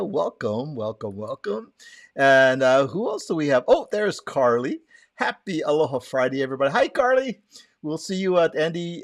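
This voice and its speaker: A medium-pitched man from Hawaii hosts a live online show from Southern California, recorded dry and clean in a studio. He chats with his guest and greets viewers by name in a friendly way.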